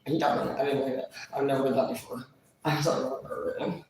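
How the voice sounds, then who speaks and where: Profane storyteller in a very echoey room. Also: male voice, medium pitch, level tone, a little fast, gravelly, a little mellow, distant mic, a little hiss or hum. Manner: profane, rambling, acts out others' voices. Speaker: vlogger. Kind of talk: casual storytelling. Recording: very echoey room, away from mic.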